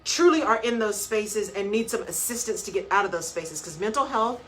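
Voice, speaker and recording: A woman's voice: mid-range voice, expressive, normal speed, a bit bright, rough recording. A woman hosting a live motivational radio talk show, speaking emphatically and repeating key phrases in a preaching rhythm, greeting listeners by name as she goes.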